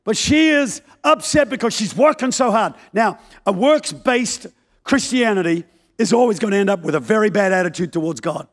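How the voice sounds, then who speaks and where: Older guy pastor, really high voice, telling a funny story in a sermon, all animated. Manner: animated storytelling, comic and fast.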